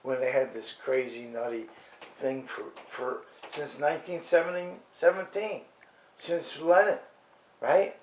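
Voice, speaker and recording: A man's voice: mid-range voice, steady tone, takes it slowly, echoey room, slight background noise. A man delivering an indignant, incredulous rant, stumbling over restarts and checking in with "okay?" as he goes. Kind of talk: ranting monologue.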